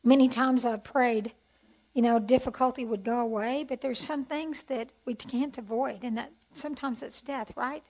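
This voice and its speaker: A woman's voice: on the high side, fairly even intonation, normal speed, darkish tone, rough recording. Earnest woman sharing a heartfelt testimony. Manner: earnest, heartfelt storytelling with hesitations. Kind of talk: personal testimony talk.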